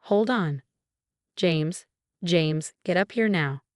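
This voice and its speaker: A woman's voice: on the low side, slow pace, no echo, clean studio sound. A woman voicing a protective sister-in-law who speaks urgently and sharply.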